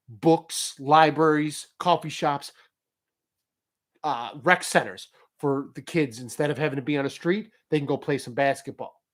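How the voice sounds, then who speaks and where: A man talking casually as host, telling a story and giving motivational advice, laughing as he goes. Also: mid-range voice. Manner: animated, laughs while telling stories.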